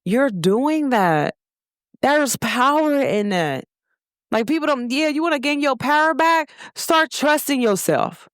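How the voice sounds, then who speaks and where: A woman hosting her own show, talking in an expressive, animated motivational monologue. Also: high-pitched, slow, no echo, studio quality. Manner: expressive, animated storytelling with laughs and quoted voices. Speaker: show host.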